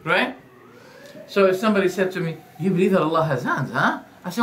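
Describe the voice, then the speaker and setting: A man giving a religious lecture, animated, firing rhetorical questions and acting out quoted dialogues. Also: high-pitched, a little fast, slight background noise. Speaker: Islamic preacher.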